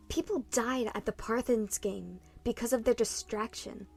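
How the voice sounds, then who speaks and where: A woman's voice: a little high, moderate pace, vocal fry, few pauses, darkish tone. A woman acting as dungeon master, narrating a tabletop game story and chatting informally to listeners. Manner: chatty and informal in outro, with fillers.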